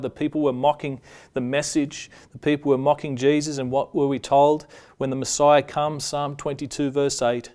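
A man preaching a sermon, reading scripture passages aloud in a measured way and slowing down on the solemn lines. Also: medium pitch, darkish tone.

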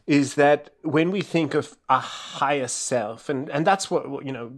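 A man's voice: fairly high pitch, unhurried. A man from India, an author, talking in an interview and then reading steadily from his own memoir.

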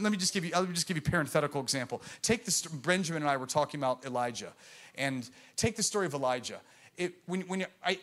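Passionate male pastor in midlife, slightly high voice, questions the crowd, ranges from booming to hushed. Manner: impassioned, swings from loud proclamation to hushed intensity; engages the congregation with questions. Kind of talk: sermon.

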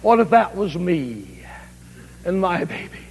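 A man's voice: high voice, very animated, measured pace, a little mellow, breathy edge, pitched below the performer's own voice, full character voice. A man preaching a sermon voices a young missionary wife who tells her husband, through tears, how she prayed for help. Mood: tearful. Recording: reverberant 1970s camp meeting recording.

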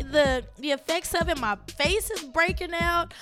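A woman in her thirties hosting her own podcast from home, chatting casually and animatedly, laughing and jumping up high when she quotes her own thoughts. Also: lively intonation, moderate pace, hardly any pauses, over music. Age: 30s. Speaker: podcast host. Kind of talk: casual solo podcast chat.

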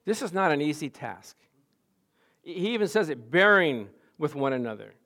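High-voiced man preaching with humor. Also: sing-song, moderate pace, sharp tone. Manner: humorous, storytelling, self-deprecating. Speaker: pastor. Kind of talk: sermon.

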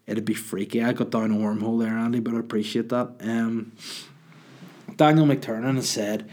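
A man's voice: medium pitch, steady tone, normal speed, darkish tone. A man hosting a podcast, rambling and joking as he answers listener questions. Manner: rambling, jokey, sweary. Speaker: podcast host.

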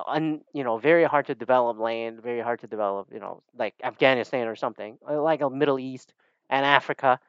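A man talking casually and at length, rambling and animated and swearing freely. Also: medium pitch, clear, resonant tone, no room sound, highs cut off. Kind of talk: casual opinion monologue.

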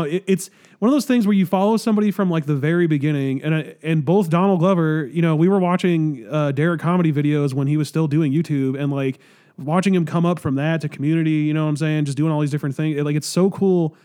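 A man's voice: fairly high pitch, fairly even intonation, darkish tone, clean tone. A man co-hosting a podcast, chatting casually and keenly about movies and directors with a dry, wry edge. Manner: enthusiastic film-fan talk, quick and wry. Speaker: podcast co-host. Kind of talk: casual chat.

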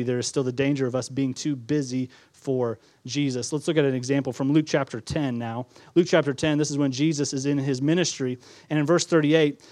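Conversational pastor with a fairly high voice. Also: male voice, a little mellow, no echo, studio quality. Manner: conversational preaching, acts out quotes, chuckles. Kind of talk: sermon.

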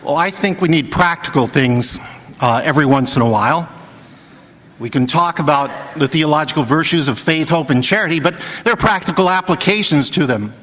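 Male priest telling stories in a sermon, kinda high voice, echoey church. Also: brisk, fairly bright tone. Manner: storytelling homily with acted quotes. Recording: long church reverb.

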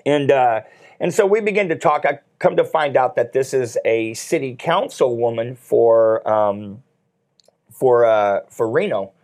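A man's voice: mid-range voice, expressive, a little slow, a little mellow. A man co-hosting a faith talk show, telling stories earnestly with frequent fillers and restarts.

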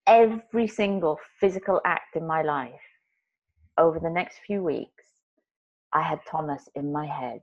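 A woman's voice: sits low, a little slow. A woman telling a personal story in casual conversation, rambling with many restarts and fillers and acting out voices. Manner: animated, acts out quoted voices. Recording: slightly muffled recording.

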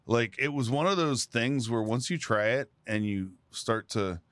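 A man's voice: medium pitch, lively intonation, unhurried, fairly bright tone, no echo. A man co-hosting a casual podcast chat, laid-back and dry-humored. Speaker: podcast co-host.

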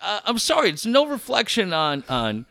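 A man's voice: sits high, huge pitch swings, normal speed, vocal fry, sharp tone, dry recording. A middle-aged man hosting a sports talk show, telling a profane story with lots of laughter. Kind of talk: casual storytelling chat.

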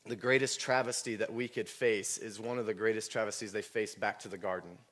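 A man preaching a sermon, earnest and emotional, telling personal stories and at times rising almost to a shout. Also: on the low side, steady tone, fairly quick. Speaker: pastor.

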